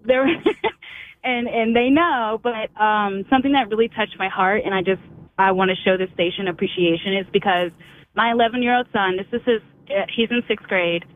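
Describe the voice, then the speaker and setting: A woman's voice: medium pitch, moderate pace. Mother calling in over a tinny phone line. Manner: emotional, rambling with restarts. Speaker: caller. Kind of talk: call-in testimony.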